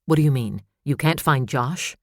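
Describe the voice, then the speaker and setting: A man voicing a calm, caring man who gently murmurs to soothe a distraught friend, in an audiobook. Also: mid-range voice, moderate pace, no room sound, clean studio sound, natural voice.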